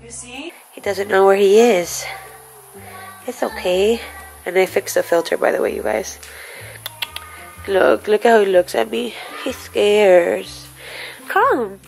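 A woman's voice: medium pitch, slow pace, creaky, long pauses, a little mellow, faint music behind, poor audio. A woman filming a casual home vlog on a handheld camera, chatting to viewers and coaxing her dogs. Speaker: vlogger. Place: home, indoors and out in the yard.

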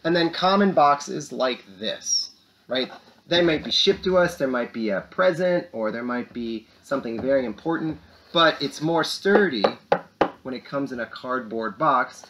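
A young man hosts a school morning show for children. His pitch rises and falls widely as he talks to his young viewers with animated, upbeat energy. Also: a little slow, slight background noise. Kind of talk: lively kids' morning announcements.

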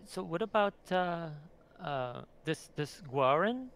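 A man playing a tabletop game who asks a steady stream of curious questions. He often stumbles over his words. His voice sits a little high and moves in a lively way. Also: smooth. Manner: curious, halting, laughs easily. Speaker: player.

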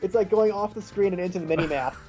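Mellow-voiced young man explaining his game. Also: sits high, fast talker, soft background music. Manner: explains, complains about lag, laughs easily. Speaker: channel host. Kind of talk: casual gaming commentary.

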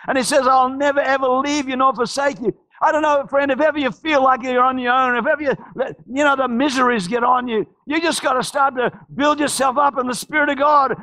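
A man preaching a charismatic church sermon, fervently shouting praises and repeating phrases. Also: extremely high pitch. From Australia. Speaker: pastor. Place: church service.

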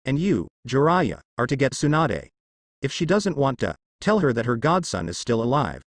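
A man reading as a ruthless old village elder who gives orders in short, curt sentences. The pitch is in the middle range with lively rises and falls. The sound is dry and close. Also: normal speed, no room sound. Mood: commanding.

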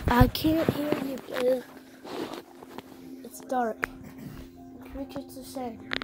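Slow, silly woman narrating toy play. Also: high voice, steady tone, loud music behind the voice. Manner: silly, chatty, talks to viewers. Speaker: channel host. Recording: noisy with clicking sounds.

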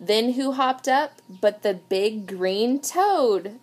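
A female preschool teacher reads a picture book aloud to young children, animated and pausing to ask them questions. Her voice is fairly high and she reads slowly.

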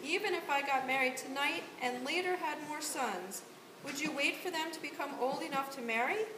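Woman reading as grieving bitter widow Naomi, high voice, echoey church, hiss. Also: normal speed, natural voice. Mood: pleading. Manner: earnest plain read-aloud delivery. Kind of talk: volunteer reading a Bible story aloud in church. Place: church sanctuary.

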